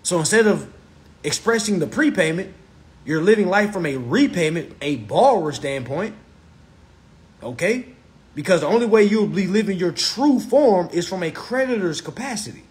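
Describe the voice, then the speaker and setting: A man's voice: sits high, animated, moderate pace. A man lecturing on a live stream, blunt and profane, who repeats his phrases for emphasis.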